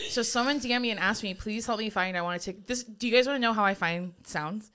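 A woman's voice: mid-range voice, fast, sharp tone. A woman co-hosting a casual podcast chat, reading out listener picks and laughing often. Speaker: podcast co-host.

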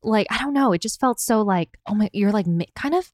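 A woman co-hosting a podcast, chatting casually and hedging, sometimes drawing her words out slowly. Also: a little high, expressive, darkish tone, no room sound, clean studio sound. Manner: hedging, drawn-out phrases. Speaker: podcast co-host. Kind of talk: casual recap chat.

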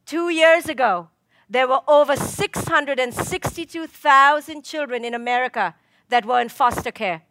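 Woman psychologist, stage talk, bright voice, slightly high, dry sound, emphatic lists. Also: no room sound. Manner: measured, dramatic pauses, emphatic lists. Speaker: speaker, clinical psychologist. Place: conference stage. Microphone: stage microphone.

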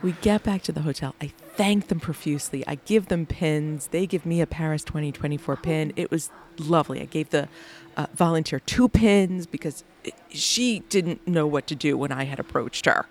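A woman hosting a podcast, telling a lively anecdote about her day, laughing often and acting out the people she quotes. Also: low voice, normal speed, few pauses. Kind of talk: animated anecdotal storytelling.

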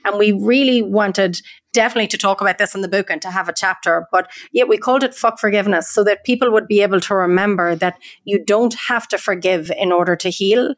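An Irish woman, a co-author guest in a podcast conversation, speaking earnestly and slowing down on key words. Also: mid-range voice, no room sound, clean studio sound.

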